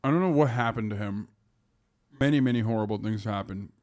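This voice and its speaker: A man's voice: on the low side, fairly quick, a little mellow. A man hosting a stream, chatting casually and frankly, with some swearing. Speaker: stream host. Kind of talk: casual chat.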